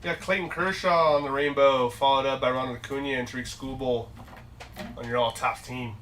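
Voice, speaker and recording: A man's voice: medium pitch, fairly even intonation, fairly quick, distant mic, background noise. A man hosting a live-stream card break, upbeat and jokey as he rattles off the cards pulled.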